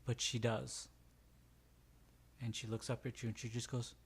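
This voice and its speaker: A man's voice: mid-range voice, level tone, normal speed, breathy edge. A man running a tabletop role-playing game as game master, narrating hesitantly with frequent fillers. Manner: hesitant, full of "um" and "kinda".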